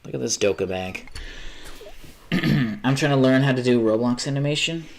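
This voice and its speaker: A man's voice: mid-range voice, animated, moderate pace, a little hiss or hum. Rambling, swearing young man streaming. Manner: rambling, chatty, swears often, trails off. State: tired. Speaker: livestreamer. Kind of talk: casual gaming stream chat.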